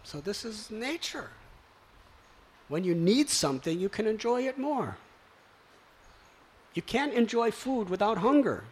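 A man telling a story to a gathering, animated and exclamatory as he acts out the sounds. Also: sits high, a little slow, long pauses, breathy edge. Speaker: spiritual speaker.

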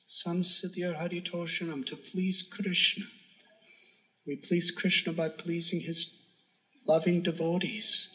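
A man giving a sermon, telling a devotional story in an earnest, emphatic way that sometimes drops to a hush. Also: high voice, steady tone, measured pace, low-quality recording. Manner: earnest, emphatic storytelling with hushed whispered moments. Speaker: spiritual teacher.

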